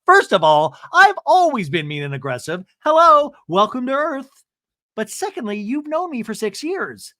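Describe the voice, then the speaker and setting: A man's voice: extremely high pitch, sing-song, moderate pace, pushed and bright, no room sound, studio quality, pitched above the performer's own voice, full character voice. Man doing a blunt, indignant woman. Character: blunt, fed-up woman who speaks her mind.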